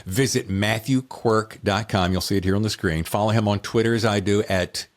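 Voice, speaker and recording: A man's voice: on the low side, steady tone, normal speed. A man hosting a podcast, chatting casually and upbeat with his guest and listeners, laughing easily. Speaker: podcast host. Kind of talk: casual interview chat.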